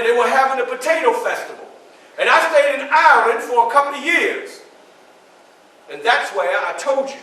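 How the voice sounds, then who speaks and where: A man's voice: very high voice, exaggerated voice. A man playing Frederick Douglass, a proud male orator, telling his story in first person and talking straight to the audience. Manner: animated, addresses the audience directly. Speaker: historical reenactor. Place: library event room, indoors. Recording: echoey hall from far off, faint hiss.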